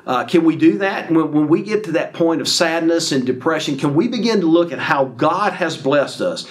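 A man's voice: fairly high pitch, animated, normal speed. A man preaching a conversational Bible sermon, reading verses and paraphrasing them in casual everyday speech, with frequent fillers and restarts. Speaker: pastor.

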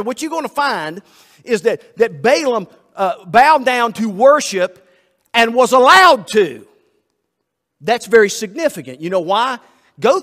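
A man's voice: very high-pitched, a bit bright, in a large hall. A man preaching a sermon in a folksy storytelling manner, often repeating words as he goes.

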